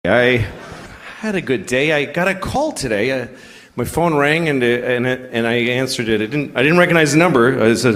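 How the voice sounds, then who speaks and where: A man's voice: mid-range voice, expressive, moderate pace, a bit bright, echoey room. A male stand-up comedian ranting in an exasperated way, recorded live at a show with audience noise.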